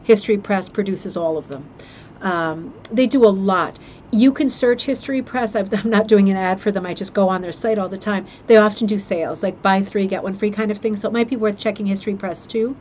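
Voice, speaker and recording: A chatty woman hosts a craft club stream at an ordinary mid pitch, gushing and restarting her sentences as she talks into a webcam. A faint hum of room ambience sits under her voice. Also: a little fast, a little mellow. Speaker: host of a rug hooking club livestream. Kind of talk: casual chat, reviewing a book.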